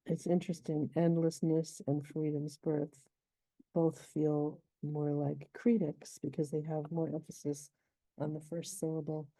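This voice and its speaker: A middle-aged woman poet, reading her poem slowly and then explaining its meter in a thoughtful, measured way. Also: low-pitched, little pitch movement, dark tone, dry recording.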